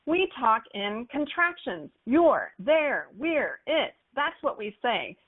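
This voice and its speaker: A woman with a fairly high voice teaches in an upbeat, animated way. She acts out playful examples as she explains. The sound is thin and narrow, like it came down a phone line. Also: slow, husky. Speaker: marketing instructor for golf courses. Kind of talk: webinar lesson on copywriting.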